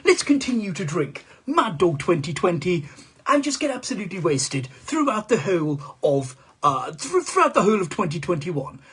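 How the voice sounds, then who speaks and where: A man's voice: high voice, sing-song, normal speed, breathy edge, heavily acted. A male comedian doing a comic impression of a rambling, foul-mouthed male politician in a live-stream monologue, stammering and swearing as he goes.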